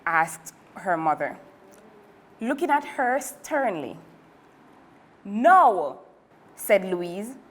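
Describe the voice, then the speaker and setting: Woman reading to kids, slow, lively pitch, fairly high voice. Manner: slow and expressive. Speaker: storyteller. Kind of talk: reading a picture book to children.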